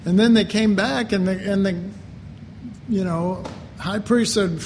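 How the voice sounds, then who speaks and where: A man preaching a sermon, slow and deliberate, with animated asides. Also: high-pitched, a little hiss or hum. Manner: slow, deliberate delivery with animated mock voices and laughter.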